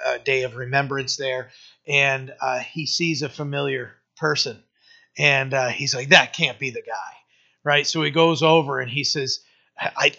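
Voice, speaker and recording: A man preaching a sermon, telling a story in a halting way with many restarts, then growing emphatic. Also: on the high side, bright, forceful tone. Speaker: pastor. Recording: dull lo-fi sermon recording.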